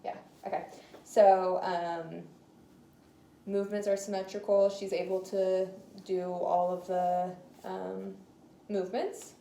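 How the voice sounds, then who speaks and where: A woman talks slowly through a clinical exam, pausing often on fillers. Her voice is gravelly and mellow. The room is echoey, with faint background noise. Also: mid-range voice, level tone. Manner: hesitant, many fillers. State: slightly out of breath. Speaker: student doing a clinical neuro exam. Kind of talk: talking through an exam for video.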